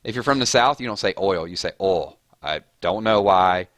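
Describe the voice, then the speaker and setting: A man's voice: lowish voice, a bit bright, no echo, studio quality. A man hosting a casual live stream, rattling off chat names and thanking viewers. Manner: rapid-fire, chatty, reading names off chat.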